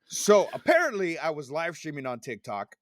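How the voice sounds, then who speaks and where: A man's voice: on the high side, moderate pace, no echo, clean studio sound. Forty-year-old man telling profane stories. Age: 40s. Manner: profane, animated storytelling. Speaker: podcast host. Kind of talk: casual chat.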